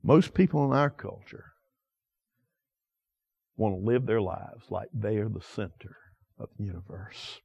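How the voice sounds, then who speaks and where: A man preaching a sermon with passion, asking the listeners many direct questions and swinging from loud emphasis to quiet asides. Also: lowish voice, unhurried, creaky, long pauses, slightly rough, dry recording, muffled recording. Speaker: pastor.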